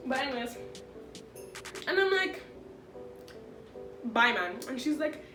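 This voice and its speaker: A young woman vlogger telling a storytime about a falling-out, in an animated, exasperated way, full of "like". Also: a little high, unhurried, long pauses. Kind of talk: storytime vlog. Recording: echoey room with faint background music.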